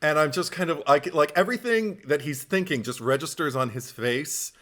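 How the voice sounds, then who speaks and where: Bright-voiced, rambling male podcast host. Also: a little high, normal speed. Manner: enthusiastic, rambling, profane, laughs often. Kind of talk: casual chat.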